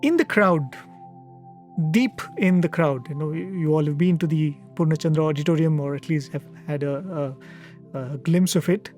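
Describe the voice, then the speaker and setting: A man speaking at a satsang, telling a devotional story in an earnest, reflective way with pauses and fillers, recorded in a studio. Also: on the high side, darkish tone, soft background music. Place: media centre studio.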